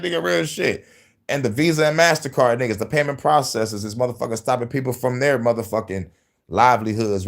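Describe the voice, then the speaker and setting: Guy ranting on his show, swearing a lot, laughing between lines. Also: mid-range voice. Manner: animated, laughing, cursing. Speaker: host. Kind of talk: profane casual commentary.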